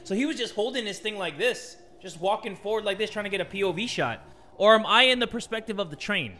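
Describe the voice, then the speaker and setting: A young man doing let's-play commentary, excitable and jokey, shouting when scared. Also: high-pitched, fast talker. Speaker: gaming YouTuber. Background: game music.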